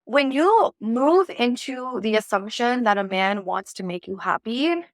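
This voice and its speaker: A woman's voice: fairly high pitch, measured pace, no echo, clean studio sound. A woman giving relationship advice in a casual interview, playful and lighthearted, acting out what people say. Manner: lively, acts out quoted lines. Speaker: relationship coach guest.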